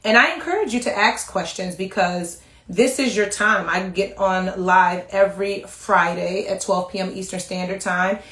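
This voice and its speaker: A woman at a medium pitch gives a motivational talk on a live stream. She speaks emphatically and turns straight to her viewers. The room has a roomy echo around her voice. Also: moderate pace. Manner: animated, emphatic, addresses viewers directly. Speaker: life coach hosting a weekly live stream.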